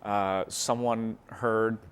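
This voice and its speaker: A man from California, chatting as an interview guest, lively, laughing often, with many restarts and fillers. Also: lowish voice, very slow, slight background noise. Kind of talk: casual interview chat.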